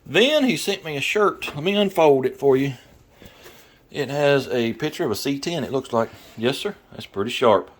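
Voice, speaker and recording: A man with a Southern American accent talking casually in a garage workshop, rambling and folksy, thinking out loud with lots of fillers. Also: mid-range voice, expressive, normal speed. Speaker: garage YouTuber and mechanic. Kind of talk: casual workshop vlog talk.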